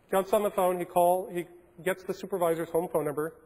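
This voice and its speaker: A man in his forties giving a keynote at a hotel conference, telling animated anecdotes with plenty of fillers. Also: sits high, fast talker. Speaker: keynote speaker. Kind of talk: storytelling keynote. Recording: long reverb of a large hall.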